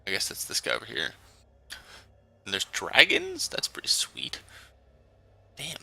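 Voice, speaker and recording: A man's voice: fairly low pitch, huge pitch swings, unhurried, creaky, pauses often, sharp tone, slightly rough, dry recording, in a whisper. A man giving casual, chatty gameplay commentary with self-deprecating asides. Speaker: gameplay streamer. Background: faint game music.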